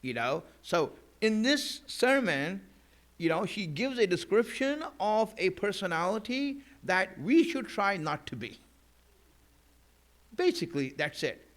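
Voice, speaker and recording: A man with a somewhat raised pitch gives a sermon in a relaxed, conversational manner. He leans on "you know" fillers and drives home key points by repeating them. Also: a little slow. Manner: emphatic repetition of key lines. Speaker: preacher.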